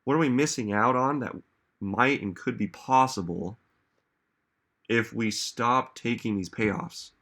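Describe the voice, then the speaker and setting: Man, self-help speaker, lowish voice, casual, emphatic, chatty. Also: a bit bright. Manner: conversational, frequent "like" and "right?"; emphatic, questions to the audience. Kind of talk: casual motivational talk.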